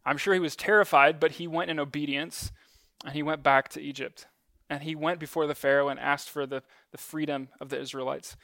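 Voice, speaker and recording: A preacher delivers a casual teaching sermon in a relaxed, conversational way, with many ums and self-deprecating jokes. His brisk voice sits a bit higher than most men's and sounds smooth and resonant. The recording is close and dry, with little room echo.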